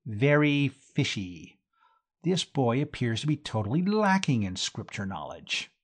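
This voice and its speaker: A man reading an audiobook, voicing a tipsy, pompous young upper-class man who blusters and climbs into high indignation. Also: sing-song, unhurried. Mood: blustering.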